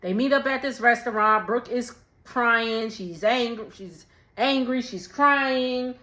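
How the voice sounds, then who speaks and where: A woman's voice: on the high side, slow pace, lo-fi sound. Chatty woman recapping TV, echoey room. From Texas. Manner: laughs often, animated retelling with voiced quotes. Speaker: recap vlogger.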